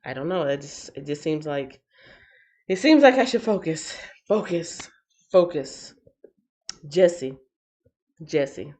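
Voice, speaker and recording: A woman's voice: sits low, lively intonation, slow, pauses often, darkish tone. A woman from the northern United States hosting a live stream, chatting casually with viewers and reading the Bible aloud, laughing often. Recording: slightly dull lo-fi stream audio.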